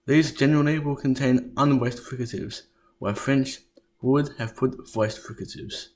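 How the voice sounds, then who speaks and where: Guy teaching a lesson, talks real slow and steady, mid pitch. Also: a little hiss or hum. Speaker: teacher explaining. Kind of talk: explanatory lesson.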